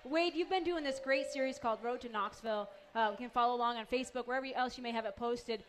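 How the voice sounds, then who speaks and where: A woman co-hosting a live talk show, friendly, with quick laughs. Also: a little high, noisy background. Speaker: co-host. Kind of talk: casual chat.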